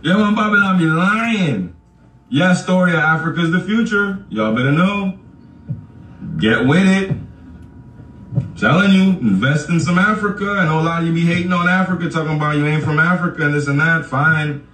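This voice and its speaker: Here a podcast host with a fairly high, fairly bright voice talks at normal speed, laughing often while he casually cusses and rants to his listeners. It's recorded in an echoey room with him far from the mic.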